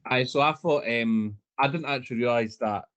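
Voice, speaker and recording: A man with a mid-range voice gives his take on a film in relaxed podcast chat. He speaks at an easy, measured pace and sometimes hesitates to find the right words. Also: medium pitch, highs cut off. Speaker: podcast co-host. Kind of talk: casual movie review chat.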